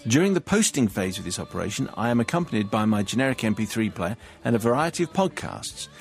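A British radio presenter reads a listener's email and banters drily. He talks fast, and his voice has a gravelly edge. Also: fairly low pitch, very animated, soft background music. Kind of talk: radio film show banter.

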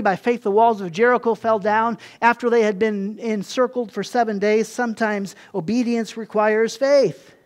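A high-pitched male pastor preaches a sermon in a relaxed, conversational manner. He slips into quick, animated asides and acts out the voices in quotes.

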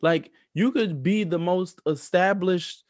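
A man's voice: high voice, slow pace, darkish tone, dry recording, studio quality. A young man co-hosting a podcast, talking in a laid-back, reflective way and explaining things at length. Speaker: podcast co-host. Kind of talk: casual chat.

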